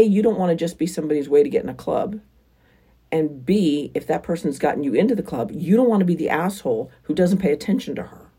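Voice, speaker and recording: A woman's voice: sits low, mellow, husky. A woman hosting a frank, casual advice monologue, talking bluntly and with emphasis. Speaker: relationship advice host.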